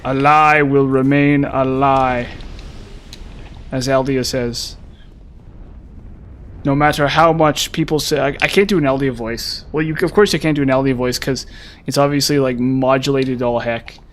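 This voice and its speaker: A man's voice: medium pitch, normal speed. A young man streaming a video game, chatting with viewers in a frustrated, self-mocking way with sudden exasperated outbursts. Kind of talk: live gameplay commentary chatting with viewers.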